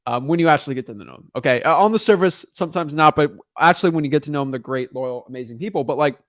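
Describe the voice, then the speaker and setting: A man's voice: mid-range voice, no echo, studio quality. A man teaching real estate wholesaling in a casual monologue, often checking in with "right?" and "okay?" and restarting his sentences.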